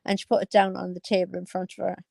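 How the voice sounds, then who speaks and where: A woman's voice: lowish voice, completely flat delivery, rapid-fire, gravelly, a little mellow, no echo. A woman, gossiping casually about online videos and exclaiming often. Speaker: commentary vlogger. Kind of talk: casual chat.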